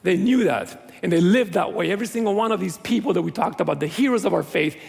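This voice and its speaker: A man's voice: sits high, fast talker, gravelly, darkish tone. A middle-aged male pastor preaching a sermon in a church, earnest and conversational with self-deprecating humor. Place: large church sanctuary. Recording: long reverb of a church hall.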